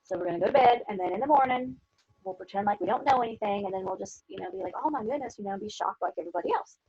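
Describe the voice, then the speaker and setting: A woman's voice: mid-range voice, racing, husky. A woman voicing a scheming, ambitious noblewoman in a casual, modern way of talking, on a dull lo-fi recording. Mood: urging. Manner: casual modern-speech retelling of quotes.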